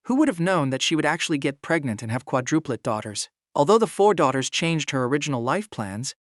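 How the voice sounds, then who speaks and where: A man narrating a drama recap in second person, steady and smooth. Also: fairly high pitch, brisk, dry recording, clean studio sound.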